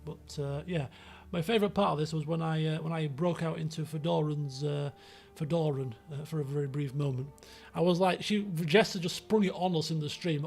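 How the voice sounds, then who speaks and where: Gravelly Yorkshire man streaming. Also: a little high, fairly quick, a little mellow, faint music behind. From Yorkshire, England. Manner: rambling, many fillers and restarts. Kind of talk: casual chat.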